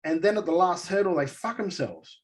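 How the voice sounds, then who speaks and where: Ranting man with a higher voice. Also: a little fast. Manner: animated, exasperated ranting. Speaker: podcast co-host. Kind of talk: casual ranting chat.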